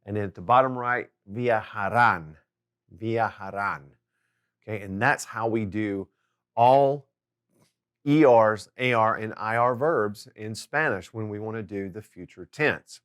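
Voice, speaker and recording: A man's voice: fairly low pitch, moderate pace, bright, forceful tone, clear, resonant tone. A man teaching a video lesson, explaining step by step in a patient way and often checking in with "okay?". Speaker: language teacher.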